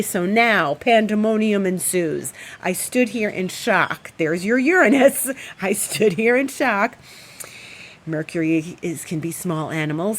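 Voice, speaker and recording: A woman astrologer host, at home, telling a story in a casual, animated and rambling way with fillers. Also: lowish voice. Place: at home, indoors.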